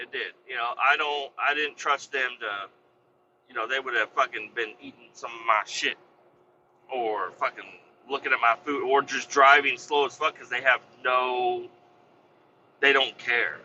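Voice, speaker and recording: Working-guy podcast host with a piercing, bright voice, swearing through a petty gripe; muffled lo-fi sound. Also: medium pitch, normal speed, a little hiss or hum. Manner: profane, exasperated, rambling. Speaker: vac truck operator. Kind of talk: casual ranting storytelling.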